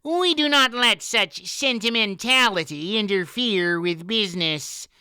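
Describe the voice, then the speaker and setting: A man voicing a male town merchant with a high-pitched, nasal voice. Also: measured pace, sharp tone, clear, resonant tone, no echo, heavily acted. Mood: haughty.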